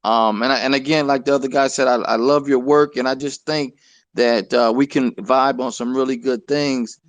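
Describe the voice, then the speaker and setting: A man's voice: mid-range voice, steady tone, normal speed, no echo. A man calling in to a live show, rambling and hesitant with lots of fillers. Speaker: caller.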